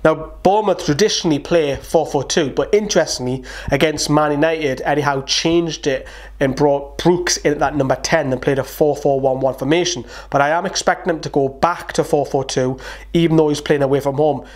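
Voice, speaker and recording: Fan host, man, Geordie accent; chatty, opinionated match-preview delivery. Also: on the high side. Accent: Newcastle (Geordie). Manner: chatty, opinionated, quick asides. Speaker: football fan channel host. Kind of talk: casual match preview to camera.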